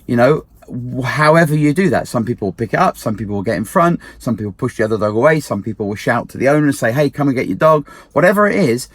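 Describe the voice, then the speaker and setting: A man's voice: medium pitch, lively intonation, fast talker, few pauses, no room sound. A man, a dog trainer and martial arts instructor, giving casual advice and acting out the people he quotes. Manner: emphatic, acts out quoted people.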